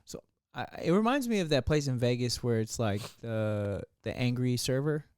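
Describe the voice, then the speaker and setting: A man's voice: mid-range voice, expressive, moderate pace, darkish tone, clear, resonant tone, no echo, clean studio sound. A man co-hosting a podcast, rambling through his thoughts with lots of fillers in casual chat. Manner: rambling, thinks aloud with many fillers. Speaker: podcast co-host.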